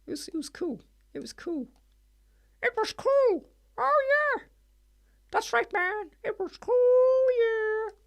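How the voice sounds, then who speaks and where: A man doing a high, drawling cool dude. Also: lively intonation, slow, gravelly, long pauses, heavily acted. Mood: laid-back.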